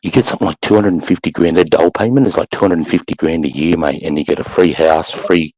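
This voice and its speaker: Australian male co-host, deep voice, dry close sound, blunt casual swearing. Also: fast, a little mellow, no echo, muffled recording. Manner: blunt, swearing, says mate a lot. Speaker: livestream co-host. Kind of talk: casual chat.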